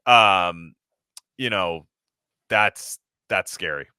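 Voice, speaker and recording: A podcast co-host talks in a loose, rambling way, trailing off and restarting as he swears through his points. His voice sits a little low but comes across bright and forceful. The sound is dry and close. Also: clean tone, no echo. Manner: rambling, halting, profane. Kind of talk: casual chat.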